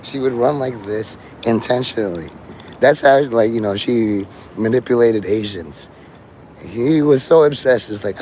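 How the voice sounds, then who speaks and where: A man's voice: medium pitch, measured pace, darkish tone, slight background noise. A man livestreaming outdoors on his phone, rambling to his chat and acting out the voices of people he quotes.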